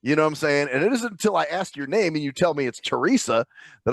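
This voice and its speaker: A man's voice: fairly high pitch, fast, vocal fry, no echo. A man co-hosting a casual podcast over a video call from home, telling stories with plenty of swearing. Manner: profane animated storyteller. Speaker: podcast co-host. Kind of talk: casual chat.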